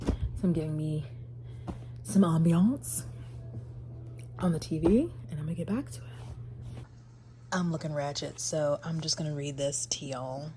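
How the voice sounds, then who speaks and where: A woman talks through her reading vlog from bed, mixing passages read aloud with lively reactions and bursts of laughter. Her voice sits fairly low for a woman. A faint hum of background noise runs under the recording. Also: unhurried, pauses often. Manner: animated, laughs often, reads passages aloud. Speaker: book vlogger. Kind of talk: casual reading vlog chat. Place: in bed at home.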